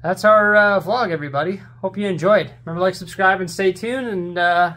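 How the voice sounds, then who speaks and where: Man, home vlogger, fairly high voice, casual rambling chat, lots of fillers. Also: fairly quick, bright, forceful tone. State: out of breath. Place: house, rooms and stairs.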